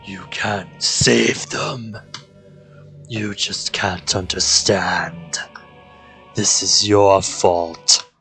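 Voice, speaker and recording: Male streamer doing a slow, half-whispered inner voice, cold and taunting, sharp edge. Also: low-pitched, steady tone, vocal fry, soft background music, voice pushed down, exaggerated voice. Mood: menacing.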